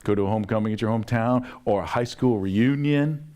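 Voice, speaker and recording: Low-voiced man preaching a sermon. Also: a little fast, darkish tone. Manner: conversational, acts out quoted voices. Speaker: pastor. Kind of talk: sermon storytelling.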